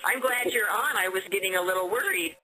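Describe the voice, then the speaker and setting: A woman's voice: medium pitch, fairly quick, bright, forceful tone. A woman hosting a recorded conference call over the phone, chatty and enthusiastic, often restarting her sentences. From Oregon, USA. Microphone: telephone. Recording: phone line with faint noise.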